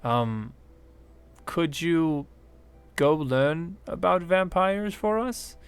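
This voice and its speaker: A man's voice: on the high side, drawn-out words, clear, resonant tone, pitched above the performer's own voice. A man voicing a small red-headed woman gnome scientist who talks in a flustered, exasperated way. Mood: pleading.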